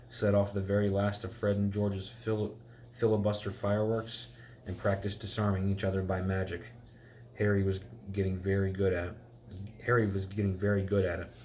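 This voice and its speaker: Low, flat-voiced dad reading aloud. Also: male voice, slight background noise. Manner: stumbles and restarts, pauses to explain words. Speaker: parent reading to a child. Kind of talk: bedtime story reading.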